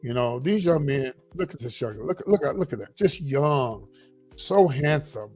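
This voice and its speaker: A man's voice: medium pitch, expressive, unhurried, darkish tone, faint music behind. A middle-aged man hosting a casual livestream, chatting with viewers, repeating himself and calling them y'all. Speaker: livestream host. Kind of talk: casual livestream chat reading viewer comments.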